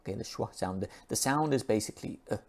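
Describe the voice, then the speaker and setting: A man teaching English pronunciation, reading an article aloud and slowly repeating the sounds in each word. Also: lowish voice, expressive. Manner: slow and repetitive, drawing out and repeating sounds.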